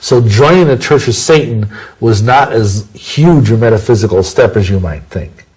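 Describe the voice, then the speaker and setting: Husky low-voiced man, rambling. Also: animated, moderate pace, a little mellow, poor audio. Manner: rambling, self-correcting, folksy sayings. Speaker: interview guest. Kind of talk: casual interview answers.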